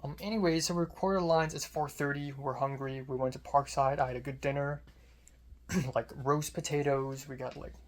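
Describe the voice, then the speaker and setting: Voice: mid-range voice, fairly even intonation, moderate pace. A young adult student filmmaker telling a casual vlog story in a rambling way, full of fillers and restarts.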